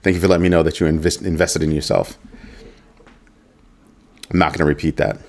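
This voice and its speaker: A man with a very low voice hosts a casual livestream. He muses aloud, keeps asking rhetorical questions, and stops to read out viewer chat. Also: fairly even intonation, brisk, gravelly, a little mellow. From United States. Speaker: livestream host.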